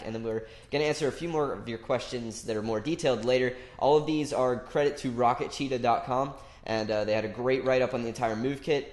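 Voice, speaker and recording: A young man with a blocked-up, nasal voice from a cold, chatting casually on his podcast at an ordinary pitch. The room is roomy and echoey around him, and he keeps slipping in fillers as he rolls along. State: stuffy nose from a cold. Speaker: podcast co-host. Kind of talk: casual gaming podcast chat.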